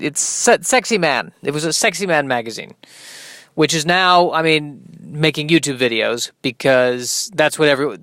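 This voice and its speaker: A man delivers a solo comedy monologue on his podcast, rambling and self-deprecating. His voice sits a little high for a man, and the recording is dry and close with almost no room sound. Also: fairly bright tone, no room sound.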